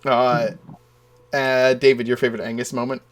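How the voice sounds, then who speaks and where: A man's voice: mid-range voice, normal speed, smooth. Laughing man recapping a game session. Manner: laughing, animated retelling of scenes. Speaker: dungeon master host. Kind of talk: casual podcast recap chat.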